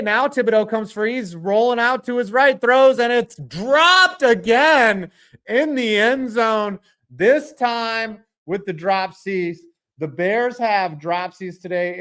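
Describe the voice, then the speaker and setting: A man's voice: high-pitched, a bit bright. A man giving live reaction commentary on a football game, calling plays, joking with his chat and cursing at the referees' calls.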